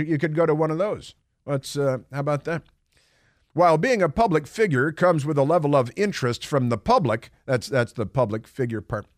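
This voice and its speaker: A man's voice: on the high side, no room sound. Guy doing a talk radio rant, dry studio sound, sarcastic, keeps rambling. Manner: wry, sarcastic, rambling anecdotes. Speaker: radio talk show host. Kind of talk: casual talk radio monologue.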